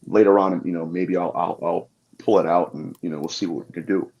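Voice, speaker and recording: A man's voice: deep voice, fairly even intonation, brisk, a little mellow. A man guest on a podcast interview, telling his experiences with passion. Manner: passionate storytelling. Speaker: guest demonologist. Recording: dull lo-fi audio.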